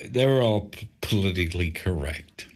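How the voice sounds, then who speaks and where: A man's voice: low voice, lively intonation, normal speed, darkish tone. A man in casual chat, asking short questions and giving brief replies.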